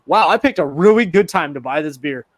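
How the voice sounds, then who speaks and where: Man, podcast host, casual chat, joking, slightly high voice, dry close sound. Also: lively intonation, brisk, no echo. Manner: joking, laughs often.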